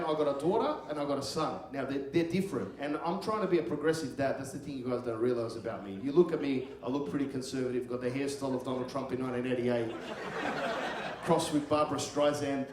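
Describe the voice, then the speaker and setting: A man's voice: on the high side, a little mellow. A man in his thirties doing crude, rambling stand-up comedy as the host, swearing freely. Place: comedy club stage before a live crowd. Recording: echoey club with crowd noise.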